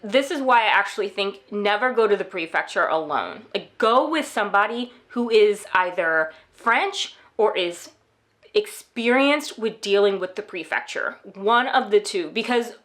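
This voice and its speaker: A woman's voice: medium pitch, lively intonation, a little slow, fairly bright tone. A young American woman giving candid, casual advice in a chatty vlog monologue, full of fillers. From United States. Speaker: vlogger.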